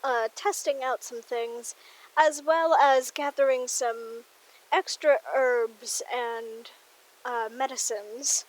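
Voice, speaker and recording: A woman voicing a frail, polite woman who asks for help, speaking slowly and formally. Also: high voice, steady tone, low-quality recording.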